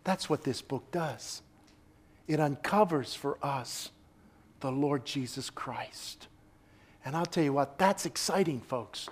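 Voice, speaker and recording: A man preaching a sermon as pastor, emphatic, swinging between forceful exclamations and soft asides, calling out for responses from the congregation. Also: fairly high pitch.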